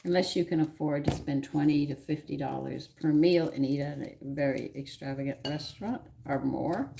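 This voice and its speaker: Low gravelly woman chatting while cooking. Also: moderate pace, mellow. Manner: chatty, talks to herself, viewers and her pet while working. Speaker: cooking show host. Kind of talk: casual cooking livestream chat. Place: home kitchen. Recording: noisy kitchen with clattering dishes.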